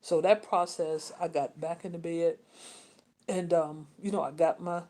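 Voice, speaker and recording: A woman, telling a personal story in a rambling, repetitive way with many restarts and pauses. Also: fairly low pitch, fairly even intonation, warm tone. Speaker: vlogger.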